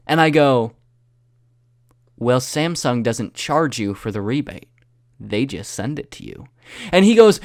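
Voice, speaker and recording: A young man, a YouTuber, telling a story to his viewers in a sarcastic, deadpan way. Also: mid-range voice, measured pace, long pauses, dry recording, studio quality. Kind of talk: casual storytelling vlog.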